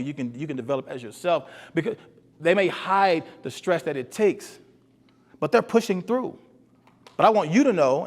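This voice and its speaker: A man giving an earnest motivational talk to boys, often repeating himself and putting questions to the audience. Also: on the high side. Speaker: speaker for boys. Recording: long hall reverb.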